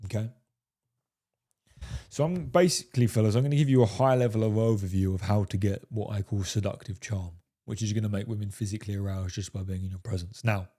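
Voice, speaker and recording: A man with a mellow, lowish voice speaks directly to his viewers as a dating coach in a monologue to camera. He's emphatic and profane, sprinkling his talk with "fellas" and "right?".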